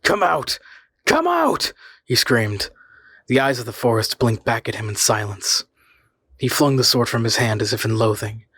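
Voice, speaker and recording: A man reading a horror story aloud in a measured, suspenseful way. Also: on the low side, fairly even intonation, fairly bright tone, breathy edge. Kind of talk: scripted horror story narration.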